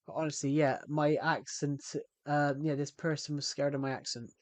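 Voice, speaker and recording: A young man with a West Country English accent chats casually on a live stream, rambling, repeating himself and often starting over. His fairly high voice is steady and darkish, at a moderate pace, with no room sound.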